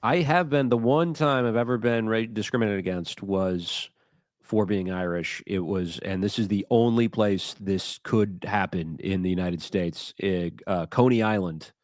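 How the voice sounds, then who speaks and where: Low-voiced man telling rambling stories. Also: moderate pace, no room sound, clean studio sound. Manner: rambling storyteller, self-deprecating. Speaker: podcast co-host. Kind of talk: casual comedic chat.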